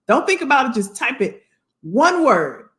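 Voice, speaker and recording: Lively high-voiced woman hosting a livestream. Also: a little slow. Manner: upbeat, greets viewers by name; talks to unseen commenters. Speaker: livestream host, career coach. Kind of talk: casual livestream chat.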